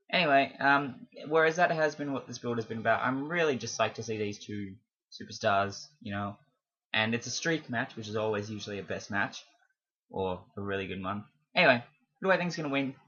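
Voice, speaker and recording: Young male vlogger, casual and rambling, bright forceful tone, dull lo-fi home mic. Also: fairly low pitch. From not from America. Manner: chatty, rambling with fillers and self-amused asides. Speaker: wrestling fan vlogger. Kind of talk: casual predictions vlog.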